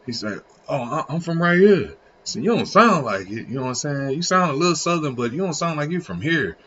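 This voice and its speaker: A man's voice: fairly high pitch, very animated, fast talker, sharp tone, lo-fi sound, slight background noise. A man casually reacting on a live stream, rambling in slang with frequent restarts. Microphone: streaming setup.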